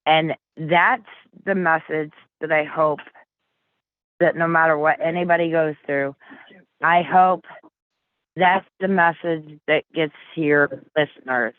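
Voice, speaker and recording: A woman's voice: low voice, fairly even intonation, slow, no room sound. A woman guest telling her story over the phone, blunt and earnest, swearing casually. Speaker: interview guest. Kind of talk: emotional personal storytelling. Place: Flint, Michigan. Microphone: phone call. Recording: tinny phone line.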